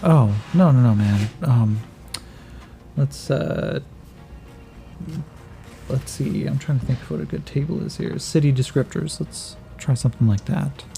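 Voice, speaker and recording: A man runs a solo tabletop game, thinking aloud casually as he narrates and calls out dice rolls. His voice is dark and gravelly, with a mellow tone. Faint background music plays beneath him. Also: mid-range voice, a little slow, long pauses.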